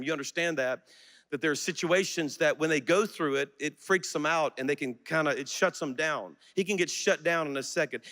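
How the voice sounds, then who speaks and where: Bright-voiced preacher man in a reverberant hall. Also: a little high. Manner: storytelling that builds to fervent, shouting exhortation. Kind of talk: sermon storytelling to a congregation. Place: large auditorium church. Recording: long reverb of a large auditorium.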